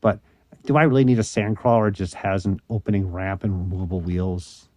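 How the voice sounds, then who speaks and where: A man's voice: deep voice, fairly even intonation, a little fast, a little mellow, soft background music. A man chatting casually through a toy-unboxing vlog, full of joking asides and the odd sound effect. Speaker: toy collector unboxing his collection.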